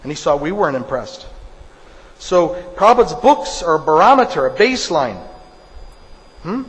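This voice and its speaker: A man preaches in a fairly high, emphatic voice, telling stories and hammering points home by repeating phrases. A long hall reverb follows his words. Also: big pitch swings, normal speed, a bit bright. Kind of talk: sermon.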